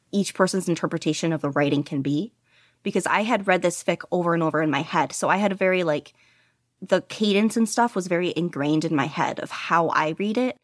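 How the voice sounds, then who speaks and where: A woman's voice: on the low side, no echo, clean studio sound. Rambling, chatty young woman guest. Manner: rambling, enthusiastic, frequent "like" fillers and laughter. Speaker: guest podficcer. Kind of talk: casual interview chat.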